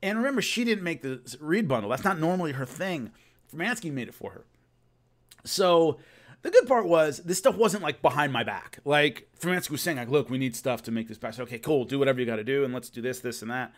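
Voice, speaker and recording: A man's voice: a little high, animated, fairly quick. A man casually telling a long rambling story about filming, with many restarts. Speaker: host recalling filming a fight show.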